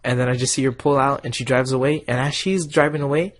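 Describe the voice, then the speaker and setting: Chill guy cohost, middle pitch, teasing his buddy, stumbles over words a bit. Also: fast, no echo. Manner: relaxed, teasing, stumbles and restarts. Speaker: podcast co-host. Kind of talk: casual chat.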